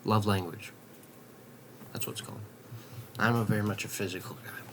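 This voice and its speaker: A young man vlogging in a late-night ramble at home, swearing casually and drifting into soft half-whispers. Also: fairly low pitch, steady tone, normal speed, a little hiss or hum.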